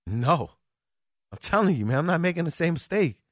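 A man's voice: a little high, sing-song, fairly quick, dry recording. A man hosting a sports radio show in a studio, talking in a joking, slangy way. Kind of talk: casual sports talk radio. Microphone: studio microphone.

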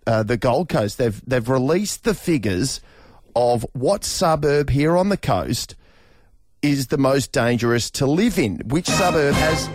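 A man's voice: mid-range voice, a little mellow, dry recording, studio quality. Chatty Australian male radio host. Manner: rambling and chatty, with many fillers and restarts, often laughing. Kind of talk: casual radio chat. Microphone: studio microphone.

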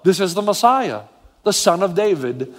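A pastor delivering a sermon in a high, light voice. He preaches with animation, dropping low and quiet, then rising high to drive a point home. His voice carries a long reverb, as if from a large hall. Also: very animated, moderate pace.

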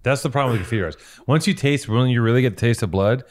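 A man's voice: mid-range voice, racing. A man hosting a casual podcast, reacting and swearing freely. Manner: reactive, swearing, lively interjections. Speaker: podcast host.

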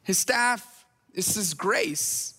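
Male pastor, conversational sermon delivery, high and bright, reverberant large hall. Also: lively intonation, very slow, breathy edge. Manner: conversational, acts out voices in retellings.

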